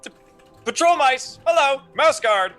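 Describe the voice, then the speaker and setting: A man voicing a timid, panicky male mouse who shouts frantically. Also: very high-pitched, lively intonation, unhurried, soft background music, voice pushed up, exaggerated voice. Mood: panicked.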